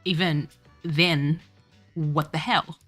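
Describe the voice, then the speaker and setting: A woman's voice: low-pitched, fairly even intonation, takes it slowly, fairly bright tone, husky. A woman streamer who grew up in France, speaking French as her first language, chatting casually with her viewers over gameplay and laughing often. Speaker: streamer playing a game. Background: faint game music.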